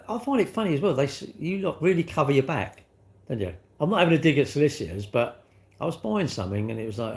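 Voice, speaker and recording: A middle-aged British man hosts his own livestream, chatting on in a loose, rambling way. He keeps acting out little back-and-forth exchanges as he goes. His voice sits at an ordinary middle pitch for a man. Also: big pitch swings, fast, darkish tone. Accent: British English. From United Kingdom. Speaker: livestream host. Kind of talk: casual livestream chat.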